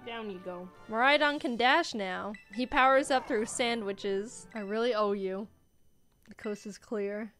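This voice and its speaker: A young woman in her twenties casually commenting while playing a video game, often jumping high when excited. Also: a little slow. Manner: excitable, squeals high at cute creatures. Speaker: gaming YouTuber. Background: faint game music.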